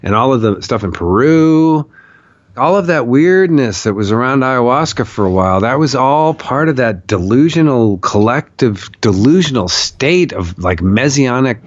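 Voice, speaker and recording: A man recounting a vision in a podcast interview, animated and profane, acting out the quotes he tells. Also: medium pitch, normal speed, no room sound, highs cut off. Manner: animated storyteller, swears, acts out shouted quotes. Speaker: podcast guest, documentarian. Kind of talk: storytelling in a long interview.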